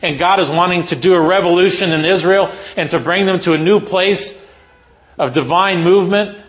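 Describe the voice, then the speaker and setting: A man delivers a sermon to a room of teachers, retelling a story with dramatic flair. He peppers his talk with rhetorical questions, and his voice sits a little high. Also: normal speed, fairly bright tone. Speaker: preacher addressing teachers.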